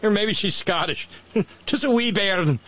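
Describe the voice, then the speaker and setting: A shepherd's wife coos in a high, lilting Irish-Scottish brogue, as a man puts her on. The voice jumps well above his normal range and sounds cheerfully exaggerated. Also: takes it slowly, fairly bright tone, heavily acted. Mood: cooing.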